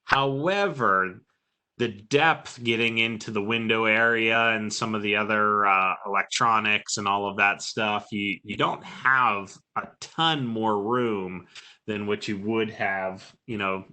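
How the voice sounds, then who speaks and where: Low-voiced man with a sharp, bright tone. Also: slow, smooth. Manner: practical, conversational. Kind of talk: live online training talk.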